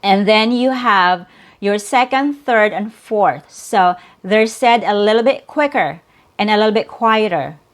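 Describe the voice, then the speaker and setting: Slow, careful woman teaching pronunciation. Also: mid-range voice. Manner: slow, careful, repeats words for drilling. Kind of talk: pronunciation lesson.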